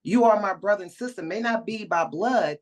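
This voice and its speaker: A woman filmmaker talking as a guest in a casual conversation, warm and affirming, often agreeing with the host. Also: mid-range voice, normal speed, low-quality recording.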